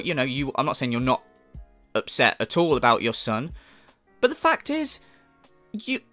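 A man's voice: high voice, bright, forceful tone, dry recording. A man ranting in commentary, exasperated and profane, incredulous at what he describes. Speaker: commentary video host.

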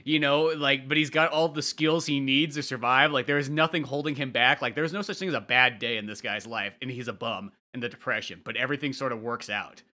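A man's voice: medium pitch, fairly quick, few pauses, pushed and bright. A man co-hosting a podcast, enthusiastic and rambling, with lots of "like" as he talks about a movie. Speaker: podcast co-host. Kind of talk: casual movie discussion.

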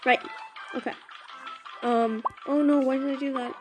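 Female gameplay commentator, chatty and excitable, high-ish voice, loud game music underneath, headset mic. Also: normal speed, rough recording. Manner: chatty and excitable, talking to viewers while playing. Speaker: gameplay video maker.

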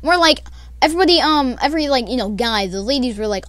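Young woman vlogger, high animated voice, rambling storytime, dry close sound. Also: quick pace, no room sound. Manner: rambling, with many fillers and laughs. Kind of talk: casual storytime.

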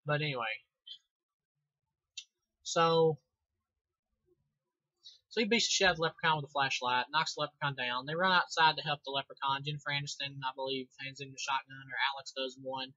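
A man's voice: medium pitch, steady tone, brisk, pauses often, sharp tone, no echo. A young man giving a rambling, sarcastic, profane casual movie review on a dull lo-fi recording.

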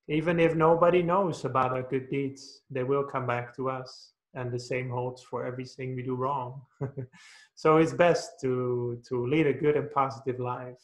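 Man giving a dharma talk. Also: medium pitch. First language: Dutch. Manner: patient, explaining with stories and many "uh"s. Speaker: Buddhist meditation teacher. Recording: roomy echo.

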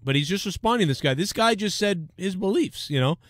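A man's voice: high-pitched, lively intonation, a little fast, fairly bright tone, dry recording, clean studio sound. A man hosting a live stream, ranting heatedly and swearing as he scolds and mocks. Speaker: live show host. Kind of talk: profane live-stream rant.

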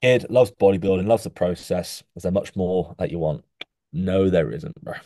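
A man's voice: deep voice, moderate pace, no echo, studio quality. A young man co-hosting a casual podcast who rates physiques and tacks "mate" onto almost every sentence. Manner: says "mate" constantly, animated coaching tone. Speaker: podcast co-host rating physiques. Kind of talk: casual chat. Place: podcast studio.

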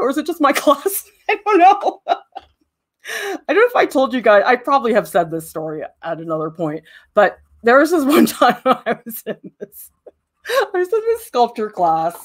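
A young woman teaches a drawing demo in a loose, chatty way, with her pitch leaping up and down as she talks. She laughs often and makes fun of her own work while she tells classroom stories. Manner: self-deprecating, laughs often, animated storytelling. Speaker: art teacher.

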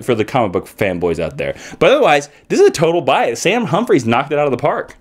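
A man from Kansas reviews comic books in a casual, enthusiastic way. His somewhat high voice swoops up and down with lively emphasis. He keeps the chat energetic and opinionated. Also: fast, hardly any pauses. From Kansas, United States.

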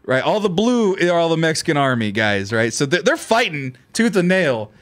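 A man's voice: a little high, normal speed. A man co-hosting a podcast in casual chat, telling a story with profanity and laughter. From California. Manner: animated storytelling, profane, laughing, voices people in quotes. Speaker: podcast co-host.

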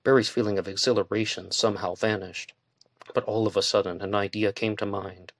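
A man reading a thriller audiobook aloud in steady narration. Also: fairly low pitch, a little fast, no echo, studio quality. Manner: steady, plain storytelling. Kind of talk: scripted narration.

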